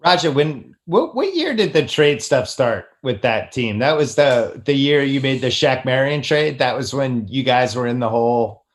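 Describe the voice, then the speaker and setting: A man's voice: mid-range voice, lively intonation, normal speed, few pauses. A man hosting a casual sports podcast, teasing his guests and steering the talk. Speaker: podcast host.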